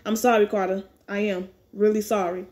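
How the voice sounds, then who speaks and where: A woman voicing a gentle, apologetic old grandfather near death while reading a webcomic aloud, in a soft, lowered voice. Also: flat delivery, moderate pace, close to an everyday voice. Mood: tender farewell.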